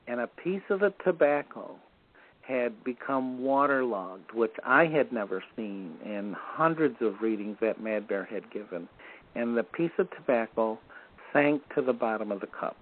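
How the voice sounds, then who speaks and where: A man telling a personal story in an unhurried, conversational way, often restarting his sentences. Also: mid-range voice, lively intonation. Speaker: guest recalling a medicine man. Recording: tinny phone line.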